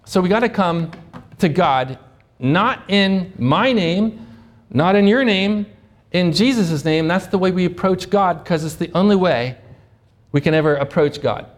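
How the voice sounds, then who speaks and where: High-voiced male pastor preaching. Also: expressive, measured pace. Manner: rhetorical questions, acts out prayers. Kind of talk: sermon.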